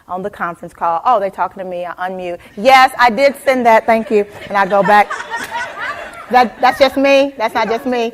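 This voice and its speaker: Animated woman giving a keynote talk. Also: medium pitch. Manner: animated storytelling, addresses audience members by name. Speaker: motivational speaker. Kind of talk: keynote talk to a live audience.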